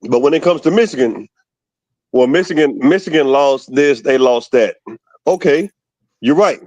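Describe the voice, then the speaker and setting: A man's voice: mid-range voice, normal speed, pauses often, no echo, poor audio. Argumentative man from Alabama calling in. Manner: animated, argumentative about team stats. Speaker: caller. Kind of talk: casual call-in chat.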